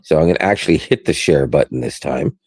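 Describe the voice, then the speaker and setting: A man co-hosting a podcast, chatting casually about tech, animated and self-deprecating, laughing often. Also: rumbling low, fast, vocal fry, poor audio. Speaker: podcast co-host.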